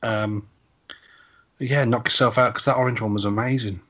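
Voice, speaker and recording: A man co-hosting a casual podcast, talking in a rambling, halting way with lots of fillers and restarts. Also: medium pitch, steady tone, sharp tone. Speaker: podcast co-host.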